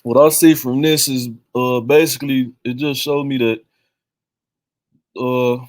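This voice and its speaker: A man's voice: mid-range voice, steady tone, measured pace. Hesitant man on a podcast. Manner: hesitant, filler-heavy. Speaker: podcast co-host. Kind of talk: casual opinion chat.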